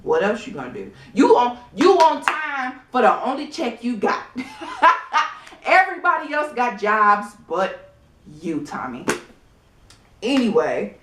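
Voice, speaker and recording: A woman giving a casual, sassy TV episode review in a blunt, animated way, often laughing. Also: a little high, a little slow, noisy background. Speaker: reality TV recap vlogger. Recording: echoey room.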